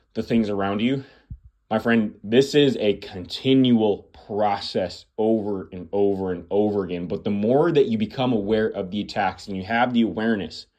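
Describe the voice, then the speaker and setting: In a lowish voice with a darkish tone, a podcast host delivers a preaching monologue aimed straight at the listener, whom he calls "my friend." He's earnest, hammering points home with emphatic repetition.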